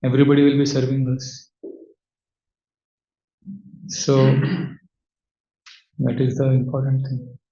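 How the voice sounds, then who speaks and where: A man teaching as a spiritual speaker, giving a devotional talk with audience questions in a measured way, asking rhetorical questions and answering them himself. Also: medium pitch, monotone, dark tone. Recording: roomy, slightly dull sound.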